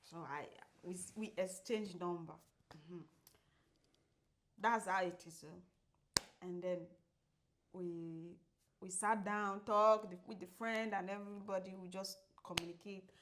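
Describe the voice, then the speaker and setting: A woman's voice: slow pace, pauses often, a little hiss or hum. A woman co-hosting a podcast who tells a story in casual chat, acting out the quoted lines and laughing often. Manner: animated, acts out quoted dialogue with big pitch jumps; laughs often while telling. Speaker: podcast co-host.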